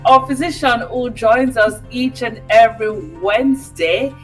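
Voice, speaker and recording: A woman co-hosting a morning web radio health show, greeting listeners in an upbeat, lively way. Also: fairly high pitch, measured pace, faint music behind.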